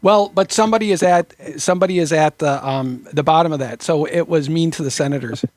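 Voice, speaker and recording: Halting high-voiced man, dry sound. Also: a little mellow, no room sound. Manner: halting, many fillers, lecturing on history. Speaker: discussion participant. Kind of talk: casual group discussion.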